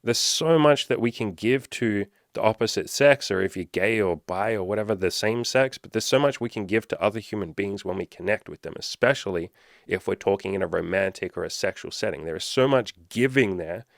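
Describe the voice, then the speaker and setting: A man's voice: lowish voice, fairly quick, creaky, no echo, clean studio sound. A man, a dating coach, talking casually to his viewers in an earnest, encouraging way, repeating his points and swearing now and then.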